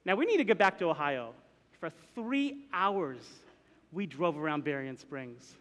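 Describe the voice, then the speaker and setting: Man, live storyteller, high bright voice, animated, acts out voices, long hall reverb. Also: normal speed. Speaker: minister telling a personal story.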